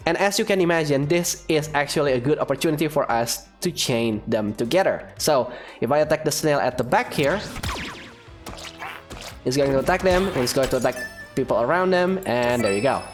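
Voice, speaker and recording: A young man casually commenting on his gameplay, explaining each move step by step. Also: a little high. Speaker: game channel host.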